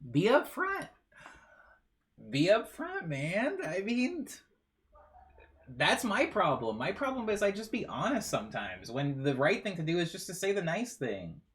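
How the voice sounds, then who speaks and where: A man's voice: high voice, wildly swooping pitch, measured pace, a bit bright. A male streamer chatting casually on a live stream, rambling and joking with bursts of mock outrage while reading chat aloud.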